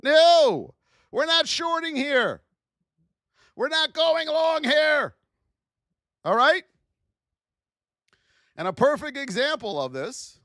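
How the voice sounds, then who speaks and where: High, lively woman scolding traders. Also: very slow, pauses often, dry recording, studio quality. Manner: animated, scolding, exclamatory. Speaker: trading educator. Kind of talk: live-streamed trading lesson.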